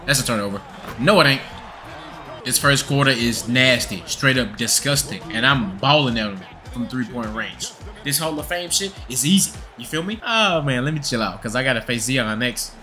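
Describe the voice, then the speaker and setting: A man's voice: mid-range voice, expressive, normal speed, sharp tone, faint music behind. A young man giving profane, trash-talking gameplay commentary with a hyped, joking manner. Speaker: gaming video creator.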